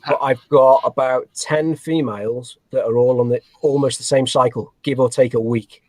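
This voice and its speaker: A man's voice: mid-range voice, steady tone, moderate pace, a little mellow, no echo. A man, a snake breeder guest, talking in a rambling, self-deprecating way with many fillers and restarts. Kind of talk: casual interview chat.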